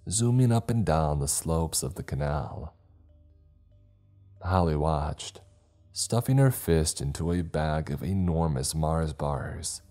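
A man narrating a scripted horror story in a slow, ominous manner. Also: extremely low pitch, mellow.

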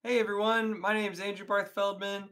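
A man's voice: sits high, level tone, moderate pace, a bit bright. A man, an actor, chatting eagerly as a stream guest. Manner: eager, self-promoting. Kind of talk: casual chat.

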